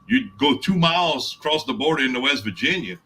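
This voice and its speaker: A man's voice: mid-range voice, lively intonation, brisk, sharp tone, a little hiss or hum, poor audio. A man talking at length in a casual live-stream chat, explaining his points.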